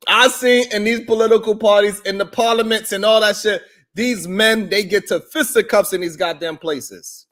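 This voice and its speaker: A man's voice: high voice, fairly even intonation, normal speed, a bit bright. A man hosting a live stream, ranting in heated, profane reaction commentary.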